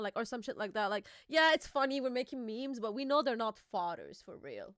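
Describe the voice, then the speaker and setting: Excitable high-voiced woman hosting. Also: fast, few pauses, dry recording, clean studio sound. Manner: excitable, swears freely, laughs often. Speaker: host. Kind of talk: casual reaction chat.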